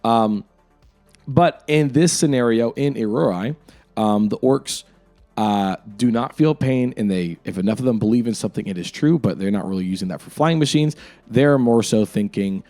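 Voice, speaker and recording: A young game master with a fairly low, dark voice talks at a moderate pace, with music in the background. He chats casually about the lore of his campaign world, rambling and using lots of fillers.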